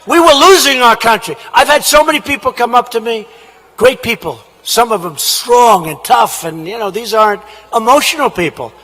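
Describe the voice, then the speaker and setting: A man giving a campaign rally speech in a large indoor hall, shouting with emphatic, repetitive phrasing into a podium microphone. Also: very high-pitched, normal speed. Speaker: politician at a rally.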